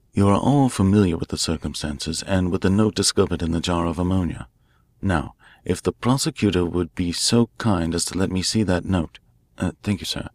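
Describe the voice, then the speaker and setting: A grave, commanding male detective laying out his case and pressing a suspect hard, as a male reader voices him. The deep, low voice stays forceful and measured, and it is recorded close and dry. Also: dry recording. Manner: grave, forceful, cross-examining. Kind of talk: audiobook character voice.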